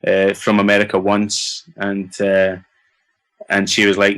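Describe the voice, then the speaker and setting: A man's voice: lowish voice, completely flat delivery, unhurried, a bit bright, clean tone. A middle-aged Scottish man, an actor answering interview questions in a chatty, rambling, self-deprecating way. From Scotland. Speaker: actor guest.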